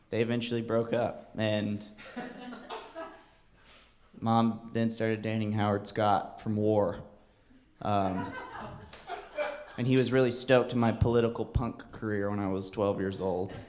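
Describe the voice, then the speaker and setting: A man's voice: medium pitch, a little hiss or hum. A man telling a rambling, self-deprecating story on a comedy stage, with many hesitations. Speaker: stand-up comedian. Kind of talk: stand-up storytelling.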